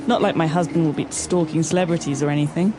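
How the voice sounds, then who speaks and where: A woman playing a confident wife shopping for a camera, brisk and a little dry, in a scripted learner dialogue. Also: deep voice, noisy background, lightly acted. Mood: brisk customer. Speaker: actor in a listening dialogue.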